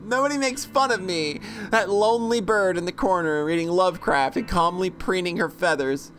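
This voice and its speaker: A woman's voice: lowish voice, normal speed, a little hiss or hum. A woman playing through a game and reading its story aloud, giggling and swearing, with crow caws thrown in. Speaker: let's play host.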